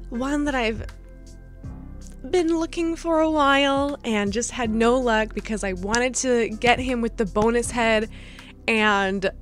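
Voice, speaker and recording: Young woman, fairly high voice, excitable fangirl unboxing chat over faint music. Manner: gushing, giggly, filler-heavy. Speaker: vlogger. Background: soft lo-fi music.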